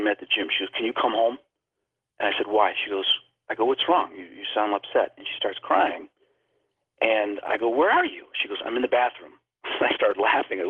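A man's voice: fairly low pitch, breathy edge. A man telling a paranormal story as a guest on a talk show, acting out the people he quotes. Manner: animated, acts out quoted dialogue. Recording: phone-line sound.

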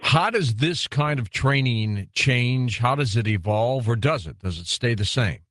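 A man's voice: medium pitch, expressive, unhurried, a bit bright, no echo, studio quality. A man hosting a call-in radio show, taking callers and asking short, plain questions. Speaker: radio host.

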